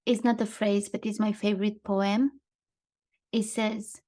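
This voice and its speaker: A woman's voice: mid-range voice, level tone, a little slow, dark tone, soft background music. A woman co-hosting a casual podcast, talking through things she has read in a thoughtful way. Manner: thoughtful, reads out quotes and card lines. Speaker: podcast co-host. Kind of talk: casual podcast chat, partly read from notes.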